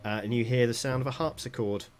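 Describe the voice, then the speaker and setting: A man's voice: medium pitch, steady tone, fast talker, soft background music. A man narrating as dungeon master, describing scenes loosely with lots of fillers. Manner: rambling, filler-heavy description. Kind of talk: narrating a tabletop game.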